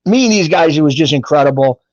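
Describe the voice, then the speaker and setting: Animated New man telling stories. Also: a little high, fast, muffled recording. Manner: animated storyteller who acts out quoted voices. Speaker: guest telling his life story. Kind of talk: casual storytelling.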